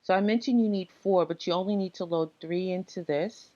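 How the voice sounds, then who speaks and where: A woman giving a casual tech tutorial, explaining setup steps in a relaxed, halting way with frequent fillers. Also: on the low side, dull audio. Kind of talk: casual screen-recorded walkthrough.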